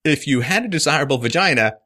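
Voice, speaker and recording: Animated, forceful mocking male host. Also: a little high, fast. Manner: mocking, sarcastic, laughs through his points. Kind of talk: monologue commentary responding to a viewer comment.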